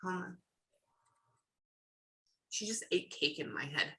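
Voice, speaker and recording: A woman's voice: lowish voice, slow pace, pushed and bright. A woman working as a psychic medium, chatting through a reading and acting out what she hears, on camera. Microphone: camera or video call.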